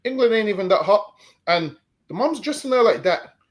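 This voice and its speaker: A man's voice: high-pitched, expressive, normal speed. A man hosting a live stream show, chatting casually and often stammering and repeating words. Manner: stammering repetitions, easygoing.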